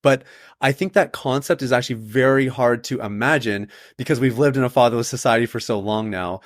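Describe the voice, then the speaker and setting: A man hosting a podcast interview, relaxed and affirming, with casual fillers. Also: medium pitch, a little fast, dry recording, studio quality. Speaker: podcast host.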